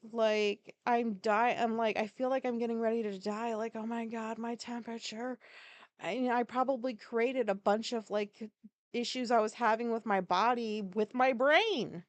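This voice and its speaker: Woman, podcast host, casual rambling storytelling, swears a lot, self-correcting, slightly high voice, dry sound. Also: no echo.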